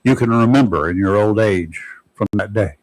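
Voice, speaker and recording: Low-voiced male talk radio host. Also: normal speed, no room sound, low-quality recording. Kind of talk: talk radio chat and weather segment. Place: radio studio.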